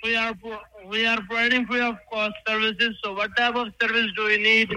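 A man making a telemarketing sales call, reciting a scripted pitch over a phone line that is hard to understand. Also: flat delivery, brisk, bright, forceful tone. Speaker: telemarketer caller. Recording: phone line played on air.

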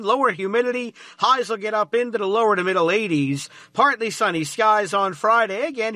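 Brief: male weather forecaster, high bright voice, dry studio. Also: dry recording.

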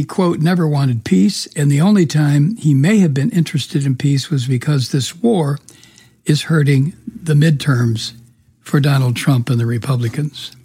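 A man hosting a political talk show, sardonic and rambling with many fillers, with a weak husky voice. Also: on the high side, dark tone, no echo, studio quality. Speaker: radio talk show host. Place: home studio in the mountains.

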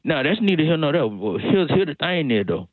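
A man's voice: fairly high pitch, big pitch swings, brisk, no room sound. A man calling in on the phone, drawling and repeating himself as he talks his way out of coming to work. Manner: drawling, repetitive, excuse-making. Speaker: caller. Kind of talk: comic phone bit. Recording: tinny phone line.

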